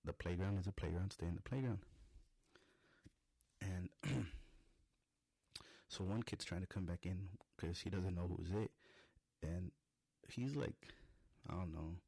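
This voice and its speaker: A man's voice: low-pitched, a little slow, gravelly, long pauses, warm tone, breathy edge, no room sound. A young adult man on a podcast, telling a rambling, profane story in a casual monologue. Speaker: podcast host.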